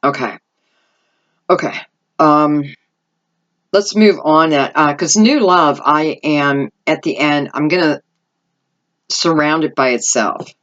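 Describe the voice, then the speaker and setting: A woman's voice: sits low, takes it slowly, long pauses, a bit bright, highs cut off. Rambling middle-aged woman reading tarot. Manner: rambling, thinking aloud, lots of "I feel like" asides. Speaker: tarot reader. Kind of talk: intuitive tarot reading monologue.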